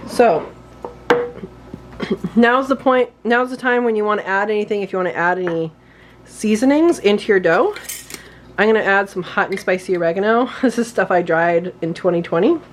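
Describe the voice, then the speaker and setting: A woman's voice: medium pitch, normal speed, slight background noise. Chatty woman with hiccups, cooking at home. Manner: chatty, talks while working, apologizes for hiccups. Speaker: home cooking channel host. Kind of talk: casual cooking demonstration.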